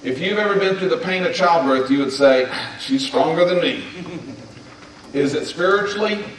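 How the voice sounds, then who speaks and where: A man's voice: on the high side, normal speed, a little hiss or hum. A man in his fifties giving a folksy, emphatic sermon on marriage to a gathering of men, leading them in repeating words back to him. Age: 50s. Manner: folksy, emphatic, leads the audience in call-and-response. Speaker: speaker at a men's gathering. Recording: echoey hall, distant mic.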